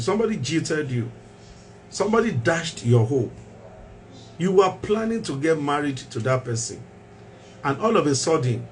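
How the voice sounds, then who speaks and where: A man's voice: on the high side, a little hiss or hum. A man hosting a mental health talk show as a doctor, speaking emphatically, repeating key phrases and asking rhetorical questions.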